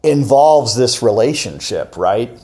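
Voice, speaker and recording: A man hosting a podcast interview, asking questions in a halting but enthusiastic way. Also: medium pitch, lively intonation, warm tone. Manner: halting, enthusiastic, with many fillers. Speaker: podcast host. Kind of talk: conversational interview.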